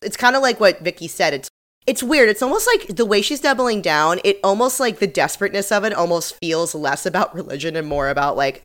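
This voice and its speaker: A woman chats casually on a podcast, recapping a crime show episode with animated retelling. Her voice sits low but swings widely in pitch. She slips into quick acted-out quotes. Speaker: podcast co-host.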